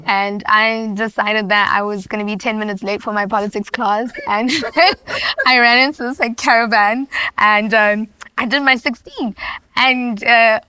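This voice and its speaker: A woman's voice: a little high, fairly even intonation, normal speed, bright, forceful tone, clear, resonant tone, no room sound. A young South African woman with a South African accent, telling her story animatedly as a guest on a studio podcast, often laughing. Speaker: guest, hip-hop artist. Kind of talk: conversational interview.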